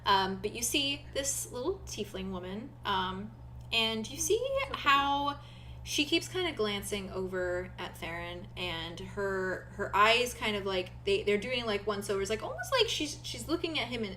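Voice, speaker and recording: A woman's voice: medium pitch, sharp tone, a little hiss or hum. A woman running a tabletop game as game master, narrating in a rambling way and searching for words with many fillers.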